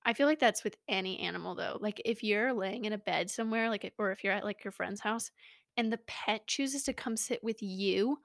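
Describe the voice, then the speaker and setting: Her voice is medium-pitched and creaky, her pace normal, with no room sound at all. The young woman hosts a podcast from a small home studio, rambling casually and poking fun at herself up close to the mic.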